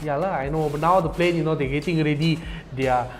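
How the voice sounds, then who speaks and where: Excitable esports caster, man. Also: fairly high pitch, fast, faint music behind. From Malaysia. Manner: excitable, uses "lah" and "you know" fillers. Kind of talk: live game commentary.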